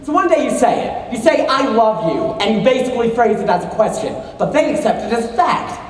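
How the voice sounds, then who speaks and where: A confiding, chatty middle-aged theater buff, played by a young woman, spilling asides to the audience and breaking into sudden shouts, in a slightly high voice. It is caught from far back in a big echoing hall on a school stage. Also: lively intonation, fast talker, natural voice. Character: wistful middle-aged male show-tune fan narrator. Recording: echoey school auditorium from far off.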